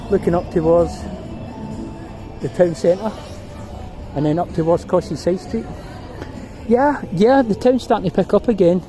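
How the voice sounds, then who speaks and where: A man's voice: on the high side, warm tone, slight background noise, low-quality recording. A middle-aged Scottish man with a rambling, chatty manner, reminiscing as he walks a city street and records on a handheld phone. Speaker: vlogger. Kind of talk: walking tour vlog.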